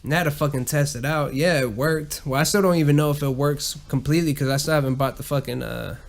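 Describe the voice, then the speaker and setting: A man's voice: on the high side, fast talker, vocal fry. A man with a Southern US accent, hosting a podcast and ranting profanely in a casual monologue. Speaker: podcast host.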